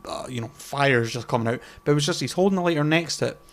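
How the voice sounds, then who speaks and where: A man in a loose podcast conversation, circling his point through ums, false starts and the odd swear word. His voice sits at an ordinary middle pitch for a man. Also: fast talker. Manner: rambling, many fillers and restarts, swears casually. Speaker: podcast co-host. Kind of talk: casual chat.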